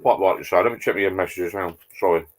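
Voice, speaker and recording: A man with a low, deep voice, hosting a relaxed live chat over drinks. He banters and jokes cheekily, greets viewers by name and reads out their messages in an easygoing way. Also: fast. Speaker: live-stream host. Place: home garden bar.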